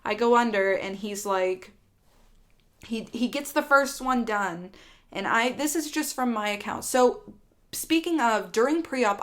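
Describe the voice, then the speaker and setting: A young woman vlogger telling a candid storytime, rambling and swearing freely with lots of fillers. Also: medium pitch. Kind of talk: storytime vlog.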